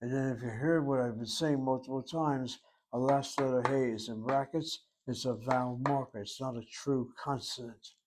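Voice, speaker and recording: A man with a mid-range, darkish voice and fairly even intonation teaches a Hebrew grammar lesson at a moderate pace. He is methodical, repeating key terms and explaining each rule step by step. A little hiss or hum sits in the recording.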